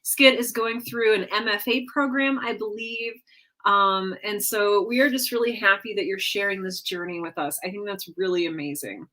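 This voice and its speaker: A woman hosting a relaxed weekly livestream from her home. She chats with viewers and rambles, often pausing on fillers and correcting herself mid-sentence. Her voice sits at a medium pitch. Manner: chatty, with many fillers and self-corrections. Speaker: livestream host. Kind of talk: casual chat with a live audience.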